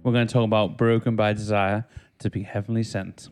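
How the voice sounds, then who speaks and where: A man's voice: on the low side, steady tone, a little fast, few pauses, darkish tone, clear, resonant tone. A man hosting a casual podcast chat, reading album facts aloud and laughing at clumsy wording. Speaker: podcast host.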